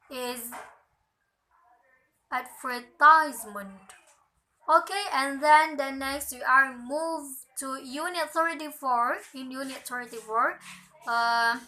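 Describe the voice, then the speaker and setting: A young woman, a student with Indonesian as her first language, slowly reading out a lesson on word stress, dotted with "okay" and "uh". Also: high-pitched, bright, forceful tone, rough recording. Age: young adult. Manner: slow, careful, filler "okay" and "uh". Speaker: student presenter.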